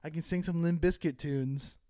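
A man's voice: on the high side, steady tone, moderate pace, warm tone, no echo. A young adult man, a comedian co-hosting a podcast, chatting casually, swearing and poking fun at himself. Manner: self-deprecating, swears casually, laughs at himself. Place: podcast recording space.

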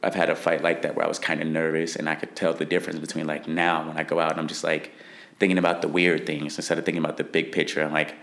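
A young fighter talks through an interview answer in a very low voice with a gravelly, fry-heavy edge. He rambles, circling back and filling gaps with "like" and "you know." The feel is loose and conversational. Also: monotone, fast talker, fairly bright tone. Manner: rambling, many "like" fillers.

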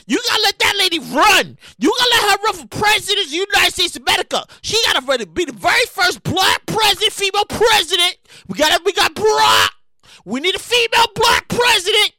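A woman hosts a comedic podcast in a very high, bright voice that swoops up and down constantly. She rants loudly and profanely, often breaking into shouts, and the sound is close and dry. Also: no echo. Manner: loud, animated, profane ranting with frequent shouting. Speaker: podcast host. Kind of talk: comedic current-events rant.

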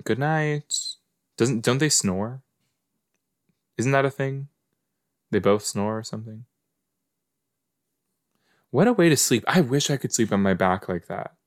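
A mid-range, animated man's voice keeps a measured pace with long pauses, recorded in studio quality with no room sound. On his podcast he chats loosely while watching a show, mulling things over aloud and addressing what's on screen.

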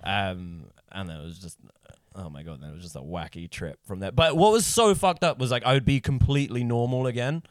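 A man, a guest comedian, telling a rambling story in a casual podcast chat, animated and laughing often, swearing freely. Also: on the low side, fairly quick, no echo, clean studio sound.

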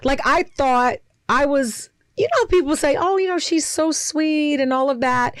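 A woman's voice: high voice, moderate pace, dry recording. A woman co-hosting a casual chat over drinks, telling a candid personal story and quoting others as she goes. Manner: candid, storytelling with quoted voices. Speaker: co-host.

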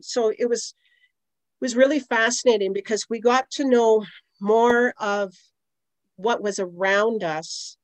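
A woman's voice: mid-range voice, dry recording, poor audio. A middle-aged woman, a guest on an interview podcast, telling long rambling stories with many asides. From Canada. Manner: rambling, conversational, many "you know" asides. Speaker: guest, aromatherapist.

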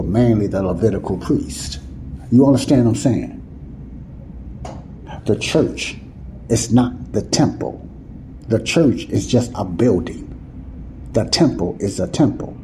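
A man teaches the Bible in a sermon, speaking informally with nonstandard grammar and often asking "you see what I'm saying?" His voice is mid-range and mellow, with slight background noise.

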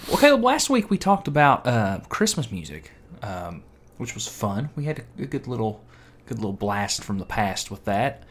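Lively, teasing podcast host man. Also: lowish voice, normal speed, breathy edge. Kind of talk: casual chat.

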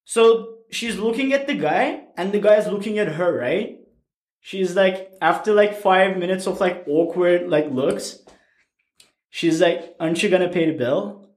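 A young man from Turkey telling stories as a podcast guest in casual chat, animated and ending lines with a questioning "right?". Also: high voice, a little slow. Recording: echoey room.

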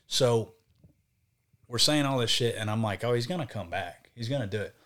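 Profane, animated young man telling a story. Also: mid-range voice, normal speed. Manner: profane, animated, acts out quotes. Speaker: podcast guest, band vocalist. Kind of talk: casual storytelling.

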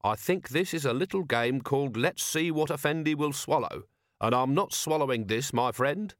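A man playing a tired, middle-aged watch commander with a dry, sardonic edge. He talks in a plain, mid-pitched man's voice. The sound is close and dry. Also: animated, normal speed, no echo, natural voice. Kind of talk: audiobook character voice.

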